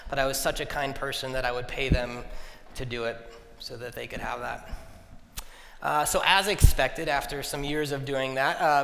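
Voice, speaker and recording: A man in his thirties tells a self-deprecating story with a humorous edge. His voice is bright and forceful and sits a little high. It carries a long reverb from a large hall. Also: a little hiss or hum. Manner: self-deprecating, humorous, animated when reliving arguments. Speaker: speaker. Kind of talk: personal storytelling talk.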